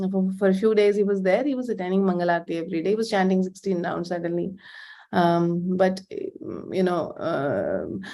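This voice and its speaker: A woman's voice: fairly low pitch, a little mellow. A middle-aged woman from India giving a heartfelt personal testimony, hesitant and full of fillers. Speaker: devotee giving a talk.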